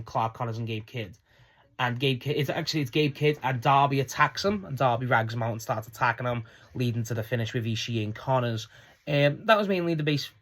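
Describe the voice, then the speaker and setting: Rambling man reviewing wrestling. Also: medium pitch. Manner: rambling, swears often, laughs at the show. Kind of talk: casual solo review.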